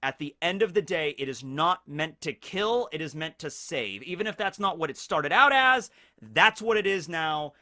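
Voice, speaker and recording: Animated, bright-voiced man reviewing anime. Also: a little high, normal speed. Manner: energetic, animated, chuckles between points. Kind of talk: casual review commentary.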